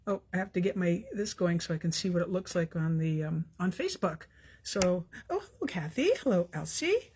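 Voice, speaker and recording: A woman's voice: lowish voice, animated, brisk, darkish tone, a little hiss or hum. An older woman, chatting with viewers as she demonstrates a craft on a live stream, friendly and self-deprecating. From Canada. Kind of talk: casual live-stream tutorial.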